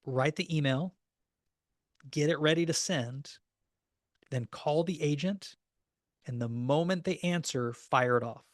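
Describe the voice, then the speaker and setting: A real estate trainer with a somewhat high voice speaks at a measured pace with long pauses in a recorded training class. He coaches agents practically on making and negotiating offers, acting out sample phone calls. The studio sound is clean with no echo.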